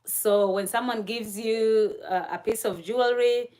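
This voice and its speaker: Slow, chatty woman hosting a livestream. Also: a little high, fairly even intonation, darkish tone. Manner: chatty, laughs often, many fillers; talks to chat viewers directly. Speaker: livestream host. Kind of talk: casual livestream chat.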